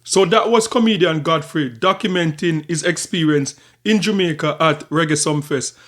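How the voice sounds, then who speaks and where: A man hosting a commentary segment, speaking in a measured, conversational way. His voice sits a bit higher than most men's. He often repeats a word as he restarts a thought. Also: fairly bright tone. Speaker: channel host commentator.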